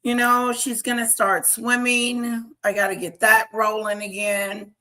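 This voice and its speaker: A woman in her thirties hosts a casual livestream and talks through everyday stories at an unhurried pace. Her voice is bright and clear, and she tells things in a chatty way. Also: fairly high pitch, completely flat delivery. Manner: slow, chatty storytelling with laughs. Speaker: livestream host.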